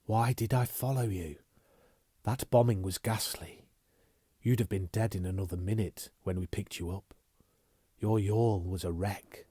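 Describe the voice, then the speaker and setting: A man voicing a cool, guarded young heiress in an audiobook reading, speaking softly and sometimes in a hush. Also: on the low side, steady tone, unhurried, husky, no echo, studio quality.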